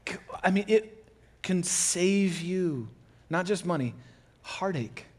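A man with a fairly high voice delivers a sermon to his congregation. He talks gently and conversationally, encouraging rather than lecturing, and slips into short quoted asides that voice what a listener might be thinking. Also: expressive, slow pace. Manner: conversational, acts out the listener's inner thoughts in quotes. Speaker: pastor.

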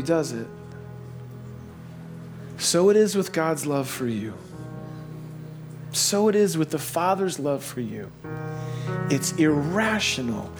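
A man with a slightly higher voice preaches a sermon with soft music underneath. He moves from a casual, storytelling manner to slow, hushed earnestness. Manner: storytelling, swings between playful baby talk and slow hushed earnestness. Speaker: pastor.

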